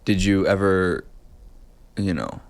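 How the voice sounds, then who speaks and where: A man asking slow, short interview questions. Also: sits low.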